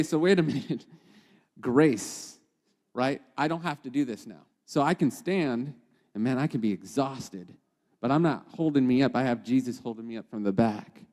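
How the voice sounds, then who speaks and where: A man of middle pitch gives a conversational devotional teaching, talking straight to his listeners and constantly checking in with quick questions. His voice trails off into a long, lingering reverb, as if he were in a big open room. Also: darkish tone. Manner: chatty, keeps checking in with "okay?" and "right?". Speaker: podcast host and teacher.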